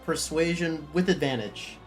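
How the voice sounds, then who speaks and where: Game master, man with a high voice, casual descriptive narration. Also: a little slow, soft background music.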